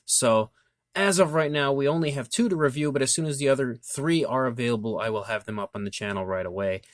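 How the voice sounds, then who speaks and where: A man's voice: mid-range voice, fairly quick, dry recording, studio quality. A man hosting his own channel, giving an enthusiastic, detailed product review in a casual tone, often saying "like". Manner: enthusiastic, detailed, frequent "like" fillers. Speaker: toy reviewer, channel host.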